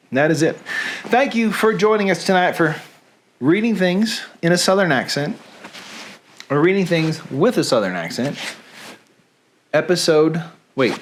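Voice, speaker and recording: A man's voice: fairly high pitch, slight background noise. A man hosting a live stream, wrapping up in a casual, self-mocking way. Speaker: host.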